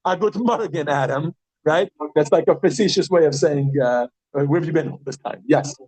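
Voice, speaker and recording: A man teaching an evening class, with a voice a little higher than most men's. He is chatty and repeats new words slowly, often stopping to ask the room questions. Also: a little mellow, poor audio. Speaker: Yiddish teacher. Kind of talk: classroom lesson.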